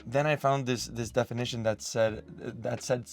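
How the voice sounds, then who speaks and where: A man's voice: medium pitch, normal speed. Guy, laid back and thoughtful, says like a lot, faint music under it. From Colombia. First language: Spanish. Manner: relaxed, many "like" fillers, reflective. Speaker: musician guest. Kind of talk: casual interview chat. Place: studio.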